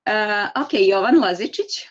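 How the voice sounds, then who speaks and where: A woman's voice: medium pitch, lively intonation, normal speed, dull audio. A woman with a Serbian accent teaching an English grammar class online, patient and encouraging as she explains step by step.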